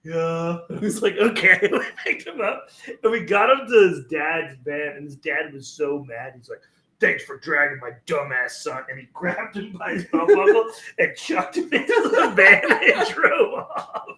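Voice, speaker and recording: A man's voice: high-pitched, sing-song, unhurried, bright, forceful tone, echoey room, poor audio. A man co-hosting a casual chat, telling stories with lots of laughter and filler words. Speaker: co-host.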